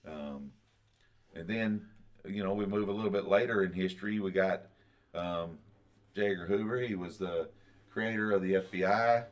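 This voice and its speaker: Podcast co-host, man, very low voice, halting delivery. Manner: halting, many fillers and restarts. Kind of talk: casual chat.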